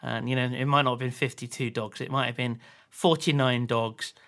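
A man co-hosting a casual podcast chat, animated, joking and sarcastic as he retells things. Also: medium pitch, moderate pace. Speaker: podcast co-host.

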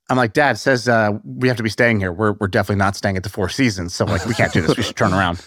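A man's voice: on the low side, quick pace, few pauses, no echo, studio quality. A man in his thirties, a podcast guest telling stories with lots of laughter. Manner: animated storyteller, laughs often. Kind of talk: casual podcast chat.

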